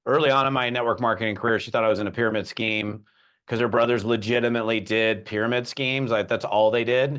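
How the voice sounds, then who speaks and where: Animated storytelling man hosting a podcast. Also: medium pitch, quick pace. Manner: animated storyteller who acts out quoted voices. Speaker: podcast host. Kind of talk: conversational interview.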